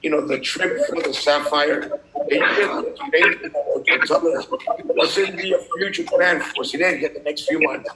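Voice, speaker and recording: A man hosting an online video call, talking in a halting way and switching between English and Spanish, heard through a damaged laptop speaker. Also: a little high, bright, forceful tone, poor audio. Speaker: meeting host.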